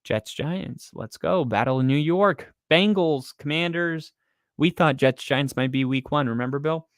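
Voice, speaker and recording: A man co-hosting a casual football podcast, rambling and excitable, with lots of fillers. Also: a little high, a little slow, no echo, studio quality. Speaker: podcast co-host. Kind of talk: casual sports chat.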